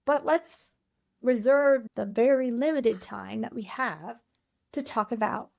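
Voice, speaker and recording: Woman podcast guest, higher voice, blunt and emphatic. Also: slow pace, vocal fry, darkish tone. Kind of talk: casual interview chat.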